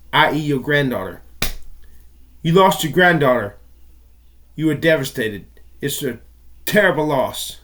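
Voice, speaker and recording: A man calling into a talk show, rambling in an aggrieved tone and swearing now and then. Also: on the high side. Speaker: caller. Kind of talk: call-in show monologue.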